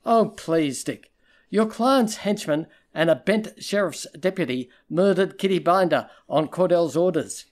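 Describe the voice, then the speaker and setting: A man reading the lines of a sharp-tongued female private investigator in an audiobook, cutting and sarcastic. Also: sits high, measured pace.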